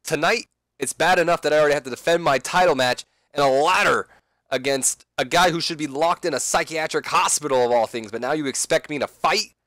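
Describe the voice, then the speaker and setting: A man's voice: a little high, fairly quick, no echo, pitched above the performer's own voice, natural voice. A man doing a ranting, arrogant wrestling champ. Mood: furious. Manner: whiny, shouting demands. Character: arrogant, hot-tempered male wrestling champion.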